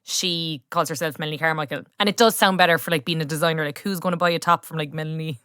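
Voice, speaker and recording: A woman's voice: sits low, fast, clear, resonant tone, dry recording, studio quality. A young woman from Kerry with an Irish accent, a guest on a podcast who chats casually and gushes about a film, laughing often. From County Kerry, Ireland. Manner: lively, laughs often, gushing. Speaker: podcast guest, freelance writer.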